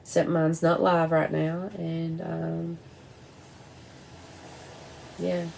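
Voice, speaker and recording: At home by a window at night, a middle-aged woman vlogger talks to camera, candid and blunt, rambling and swearing now and then. Her voice is deep with vocal fry, delivered completely flat with drawn-out words, and there's background noise.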